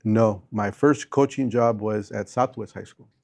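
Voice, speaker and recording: Man, fifties, from Bolivia, gravelly voice, relaxed storyteller, repeats answers. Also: on the low side, a little slow. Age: 50s. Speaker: interviewee, teacher and coach. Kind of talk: casual interview.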